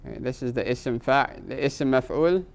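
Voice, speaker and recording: A gravelly, mid-range male voice teaches grammar to a classroom of students. He quizzes them with frequent rhetorical "right?" and slows down to spell out Arabic terms.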